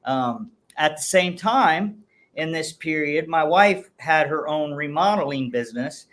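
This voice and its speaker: A man's voice: fairly high pitch, expressive, a little slow, fairly bright tone, low-quality recording. A man who trains and breeds dogs, telling a long story in a podcast interview with many restarts. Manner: rambling, with frequent restarts. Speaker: guest dog trainer and breeder. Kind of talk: casual storytelling.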